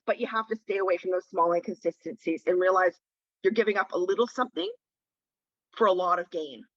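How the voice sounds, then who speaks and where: A woman's voice: fairly low pitch, brisk, no echo. A woman defence lawyer teaching in a webinar, talking in a direct, conversational way and leaning on key words, heard through a phone. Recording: dull lo-fi phone audio.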